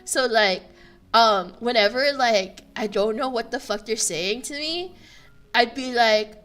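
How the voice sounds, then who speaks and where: A young woman from Canada chatting casually on a livestream, giggly and full of fillers, often bursting into high laughter, in a room with a buzzing air conditioner. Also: a little slow, fairly bright tone. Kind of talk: casual stream chat.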